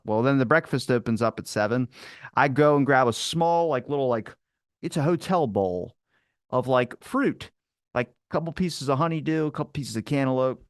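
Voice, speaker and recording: Animated storytelling man. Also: mid-range voice, clear, resonant tone, no room sound, clean studio sound. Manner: animated, swearing, acts out quotes. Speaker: podcast guest. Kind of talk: casual storytelling.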